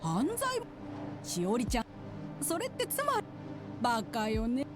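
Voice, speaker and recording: A woman's voice: a little high, wildly swooping pitch. A woman voicing a bitter, accusing game character. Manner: halting, cut-off accusatory lines. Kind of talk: Japanese game voice acting. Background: game music.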